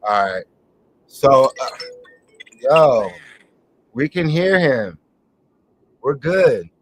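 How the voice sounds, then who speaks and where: A man's voice: medium pitch, sing-song, very slow, soft background music, low-quality recording. A man hosting a live online talk show, delivering a rambling, emphatic monologue. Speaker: host.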